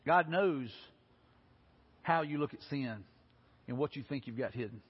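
A man preaching a sermon, telling stories in a folksy, animated way. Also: medium pitch, a little slow, husky. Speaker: pastor. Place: church sanctuary. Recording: lo-fi recording with long hall reverb.

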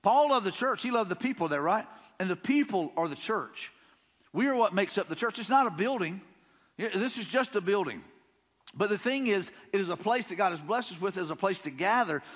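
A man with a Southern drawl preaches in a casual, folksy way, often circling back over the same words. His voice sits high for a man. The sermon is heard in a church sanctuary with a long, ringing reverb. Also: animated, fairly quick, fairly bright tone. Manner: conversational, folksy, repeats himself, paraphrases scripture casually. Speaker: pastor.

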